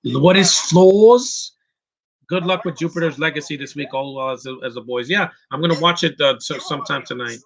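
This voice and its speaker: Husky, bright-voiced man riffing on a movie. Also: medium pitch, fast talker, hardly any pauses. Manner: chatty and opinionated, reads viewer questions aloud and answers; rambling with frequent restarts and laughs. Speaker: host of a live movie commentary stream. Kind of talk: casual live movie commentary.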